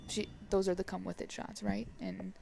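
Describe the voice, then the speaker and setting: A woman's voice: medium pitch, level tone, moderate pace, creaky, darkish tone, faint music behind. A woman commentating a live pool match in a chatty way, often checking in with "right?". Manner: chatty, tags lines with "right?".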